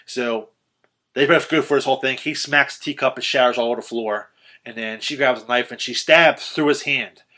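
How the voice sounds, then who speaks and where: A man on a podcast excitedly retelling a horror film's ending in casual, profanity-laced chat, full of ums and restarts. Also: mid-range voice, a little fast. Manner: animated retelling, swearing, filler-heavy. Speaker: podcast host. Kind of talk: casual film recap chat.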